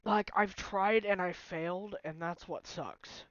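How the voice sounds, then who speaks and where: A man's voice: high-pitched, steady tone, unhurried, a bit bright, muffled recording, slight background noise. Upset young man venting on stream. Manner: upset, voice breaking, sighing. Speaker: livestreamer. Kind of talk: emotional personal talk to viewers.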